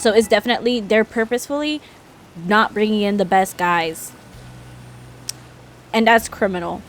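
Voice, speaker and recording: Chatty woman streamer, slightly high voice. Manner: chatty, animated gossip with laughs. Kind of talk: casual chat while gaming.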